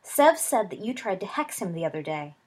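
Brief: sharp defensive schoolgirl in a storybook reading, a woman doing her, husky. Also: medium pitch, sing-song, brisk. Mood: defiant. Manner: sharp, sneering. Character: prickly teenage schoolgirl witch, defensive.

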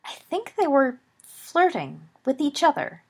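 A woman's voice: high-pitched, very animated, unhurried, gravelly, pitched above the performer's own voice, heavily acted. Eager gossipy schoolboy, read by a woman. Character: teenage boy, curious and eager.

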